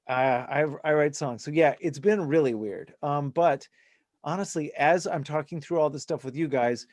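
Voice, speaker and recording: A man's voice: on the high side, normal speed, dry recording. Chatty man teaching songwriting over a dry video call. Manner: animated, chatty, self-deprecating. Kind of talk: casual online workshop talk.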